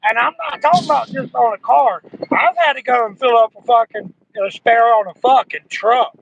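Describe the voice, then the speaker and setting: A man's voice: very high voice, a little fast, creaky. A man in casual bar chat, emphatic and profane, repeating his points. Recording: muffled with faint noise.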